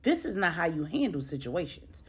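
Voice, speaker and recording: A woman voicing a stern older matriarch with a Trinidadian accent, scolding in a slow, measured way. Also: on the low side, very animated, slightly rough, dull audio.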